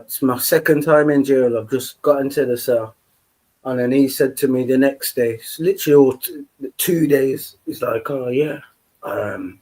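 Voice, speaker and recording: Man, casual storytelling, mid-pitched voice, rambling, keeps checking in with listeners. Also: a little mellow. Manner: rambling, says "you get me" constantly. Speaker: podcast host.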